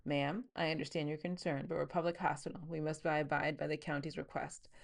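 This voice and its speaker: Low-voiced woman reading her own novel. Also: level tone, a little fast, creaky. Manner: reads the scene plainly, then breaks into chatty asides. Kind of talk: book reading with commentary.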